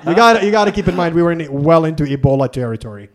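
A man telling a long travel story in casual conversation, animated and laughing often. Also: on the high side, rapid-fire. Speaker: guest storyteller.

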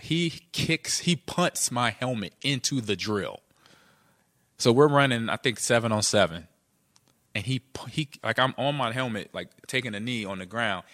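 A middle-aged man who co-hosts a podcast and used to play football chats casually, telling stories at a moderate pace. He's animated, acting out quotes with sudden jumps in pitch, and the recording is dry with clean studio sound.

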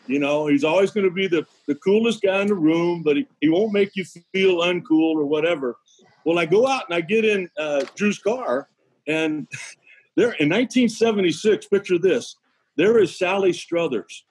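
A man from Connecticut with a high, husky voice tells baseball stories with real energy. He acts out the voices of teammates as he goes. The delivery is lively, and the voice sits noticeably above most men's. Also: rough recording. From Connecticut, USA. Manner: lively anecdotes, acts out other people's lines. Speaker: former pitcher telling stories. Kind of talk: animated storytelling on a sports show.

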